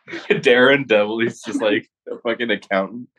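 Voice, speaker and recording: A man in casual chat, telling a story fast and laughing along. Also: mid-range voice, a bit bright, low-quality recording.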